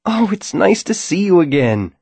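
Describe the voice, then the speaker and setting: A man's voice: high voice, big pitch swings, normal speed, vocal fry, breathy edge, no room sound, pitched above the performer's own voice, exaggerated voice. A man voicing a cheerful, bubbly young woman. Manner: bright, cheerful.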